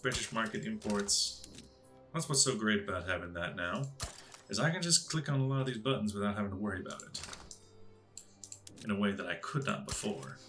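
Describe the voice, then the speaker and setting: A man's voice: fairly low pitch, expressive, fairly quick, pauses often, fairly bright tone, faint music behind. A man casually thinking aloud as he plays a strategy game, musing to himself as he clicks through menus. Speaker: gaming channel host.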